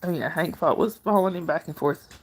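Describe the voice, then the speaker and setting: A woman's voice: lowish voice, fast talker. A middle-aged woman hosting a casual livestream, chatting with viewers, reading their comments aloud and cooing at her dog.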